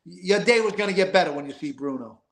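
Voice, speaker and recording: Older guy, street-wise and emphatic, higher-pitched voice, recorded in a roomy space. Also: expressive, fast, fairly bright tone. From East Boston. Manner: emphatic, rambling, street-talking, profane. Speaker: guest. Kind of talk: casual interview storytelling.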